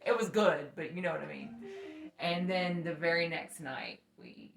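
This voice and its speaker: A young podcast co-host's voice is on the low side, gravelly yet fairly bright, and she talks at a moderate pace. She's frank, laughing, and heavily profane as she tells stories, in an echoey room with faint music behind her.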